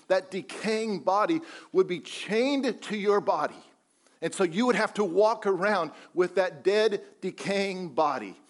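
High-voiced preaching man. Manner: emphatic preaching with repeated phrases and rhetorical questions. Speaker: pastor. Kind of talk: sermon.

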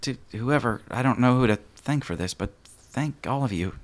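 A man's voice: mid-range voice, animated, moderate pace, pitched above the performer's own voice, lightly acted. A man voicing a scared, grateful teenage girl in a tabletop game. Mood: shaky, grateful.

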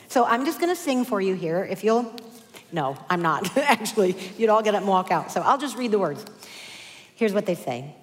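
A woman gives a sermon with an earnest, gentle manner. Her voice sits at a middle pitch. It carries a long reverb from a large hall. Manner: earnest, warm preaching with soft asides and light laughs. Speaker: speaker giving a church message.

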